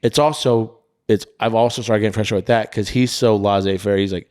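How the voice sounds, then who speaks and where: Low-voiced man in dry casual podcast chat. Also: steady tone, fairly quick, darkish tone, no room sound. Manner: rambling, acts out quotes with a mocking voice. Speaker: podcast co-host.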